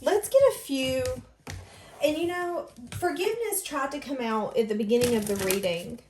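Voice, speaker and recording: A woman's voice: high-pitched, animated, moderate pace, a little mellow, roomy sound, slight background noise. A woman giving an earnest, emotional tarot reading, voicing other people's thoughts in the first person. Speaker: tarot reader.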